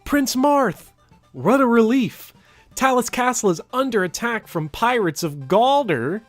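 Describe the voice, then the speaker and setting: A man's voice: very high voice, lively intonation, measured pace, no echo, faint music behind, voice pushed up. A man voicing a young princess from a video game who urgently begs a prince for help. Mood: pleading.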